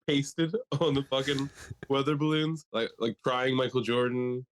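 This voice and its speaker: A man's voice: mid-range voice, measured pace, a little hiss or hum. A young man co-hosting a casual podcast, swearing often and joking. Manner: profane, animated, jokey. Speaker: podcast co-host. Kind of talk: casual chat.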